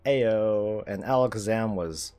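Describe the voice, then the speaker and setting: A male streamer chatting casually while playing a game, animated, swearing freely and laughing often. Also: on the low side, slow, clean tone. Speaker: streamer host. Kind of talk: casual gameplay commentary.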